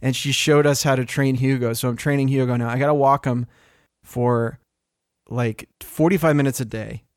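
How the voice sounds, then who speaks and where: A man's voice: mid-range voice, normal speed, dry recording, clean studio sound. A man in casual podcast chat, telling rambling stories full of swearing. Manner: rambling, profane, animated storytelling.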